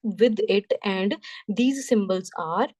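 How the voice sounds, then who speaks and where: A woman teaching French, explaining slowly step by step, often repeating herself and checking in with "right?". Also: mid-range voice, a little mellow, no echo. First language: Punjabi. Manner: slow, repetitive, checks understanding with "right?". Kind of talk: classroom lesson explanation.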